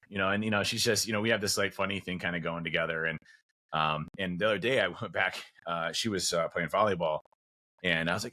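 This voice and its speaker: A man talks quickly in a loose, rambling way, full of fillers and restarts. His voice is bright and forward, and he drops into little acted bits of dialogue as he goes. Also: deep voice. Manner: acts out quoted dialogue. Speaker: podcast guest. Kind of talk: casual conversation.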